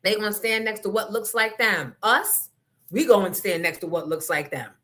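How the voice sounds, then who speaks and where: Woman, talk show host, blunt, profane, emphatic, bright voice. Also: medium pitch, normal speed. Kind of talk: casual livestream rant.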